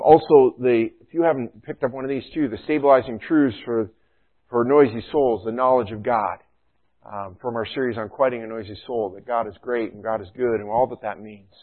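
A man's voice: mid-range voice, husky. Man preaching over a tinny line. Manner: conversational preaching, frequent "you know" and "right?". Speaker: pastor. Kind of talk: sermon. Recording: thin phone-like sound.

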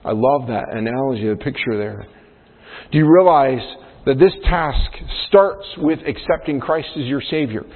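A man, a pastor preaching a sermon, who rises in pitch and force to stress key points. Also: moderate pace, husky. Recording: phone-like sound in a reverberant hall.

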